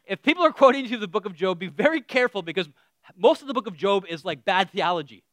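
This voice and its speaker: A man preaching a casual, humorous sermon, animated, with self-deprecating asides that trail off quietly. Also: high-pitched, fast, dry recording, studio quality.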